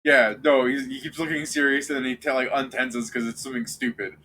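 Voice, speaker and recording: A man's voice: medium pitch, flat delivery, brisk, pushed and bright. A man narrating a tabletop game as game master, jumping into character voices. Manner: voices characters with bursts of energy.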